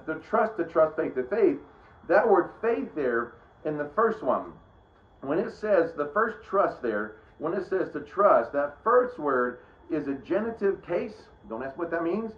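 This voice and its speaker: Rambling middle-aged man preaching casually. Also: a little high. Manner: rambling, conversational, self-interrupting. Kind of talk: casual Bible teaching. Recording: roomy, dull lo-fi sound.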